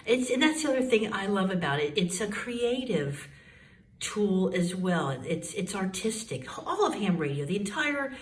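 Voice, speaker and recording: A woman's voice: mid-range voice, big pitch swings, normal speed. A woman vlogging casually about learning ham radio and Morse code, chatty and folksy. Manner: chatty, folksy, says y'all. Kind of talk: casual chat. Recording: noisy home recording.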